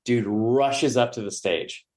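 A man's voice: slow, background noise. A man telling a long story on a podcast, acting out the other people in it and swearing as he goes. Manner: animated storyteller, acts out quoted voices with pitch jumps; profane, joking. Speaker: podcast guest, sports media personality. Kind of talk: casual storytelling.

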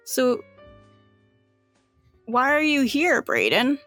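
A woman voicing a gentle, confused young woman patient who talks softly and hesitantly. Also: high voice, huge pitch swings, very slow, faint music behind, voice pushed up, exaggerated voice. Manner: soft, apologetic, hesitant.

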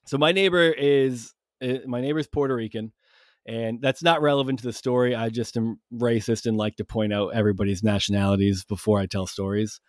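A man's voice: mid-range voice, steady tone, brisk, no echo, studio quality. A male podcast host telling a casual, rambling story with plenty of swearing and self-mocking jokes.

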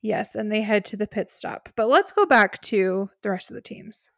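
A woman's voice: medium pitch, lively intonation, normal speed, no room sound, studio quality. A woman co-hosting a podcast, recapping a reality show in giggly, teasing conversation. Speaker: podcast co-host. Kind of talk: casual rewatch chat.

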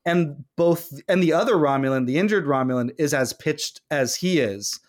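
A man hosting a casual podcast chat, animated and acting out quoted lines in mock voices. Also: on the high side, normal speed. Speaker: podcast host.

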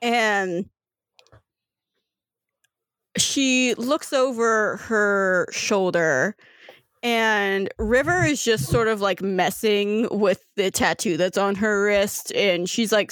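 A woman's voice: mid-range voice, slow, fairly bright tone, no echo, clean studio sound. A woman game master narrating a tabletop game in a chatty, laughing way, full of "like" fillers.

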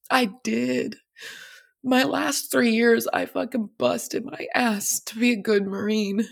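A woman's voice: a little high, fairly even intonation, takes it slowly, vocal fry. A young woman hosting a podcast, speaking candidly and emotionally in a personal monologue, swearing freely. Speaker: podcast host.

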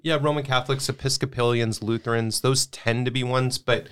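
A man as a returning podcast guest, explaining in a thoughtful, measured way. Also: mid-range voice, steady tone, a bit bright, clear, resonant tone. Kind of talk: casual conversation.

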